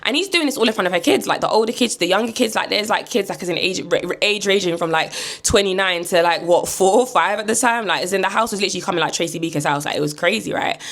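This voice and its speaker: A woman's voice: mid-range voice, fast, hardly any pauses, fairly bright tone. A young woman with a British English accent, telling a story in a chatty, slang-heavy vlog style full of fillers. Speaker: vlogger.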